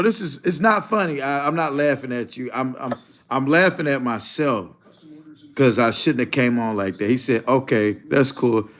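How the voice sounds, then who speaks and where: A man's voice: on the high side, creaky, fairly bright tone. A man hosting a casual livestream, talking to his chat in a rambling, profane way and laughing often. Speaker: livestream host.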